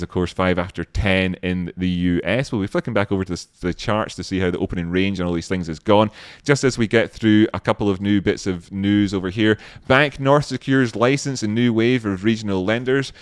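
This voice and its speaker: A man hosting a live stream, giving sarcastic, scornful, ranting news commentary with swearing and sudden jumps in pitch. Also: steady tone, normal speed, clean tone, no room sound, clean studio sound. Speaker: livestream host.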